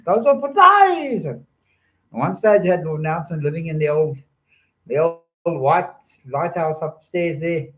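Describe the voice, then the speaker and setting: A man's voice: mid-range voice, darkish tone. Rambling, joking older man, lo-fi. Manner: playful, joking, digressive. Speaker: storyteller. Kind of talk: rambling monologue.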